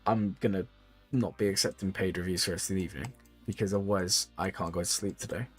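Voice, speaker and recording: A fast-talking man streams live with faint music behind him, giving viewers casual, rambling advice while reviewing game accounts. He's chatty and repeats phrases, with a lively pitch. He sounds a bit tired and yawns.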